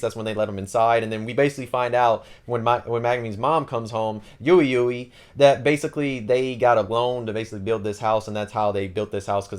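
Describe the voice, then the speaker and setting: Fast-talking man recapping a story casually. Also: mid-range voice. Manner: rapid and slangy, full of "like" and "yo". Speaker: anime channel host.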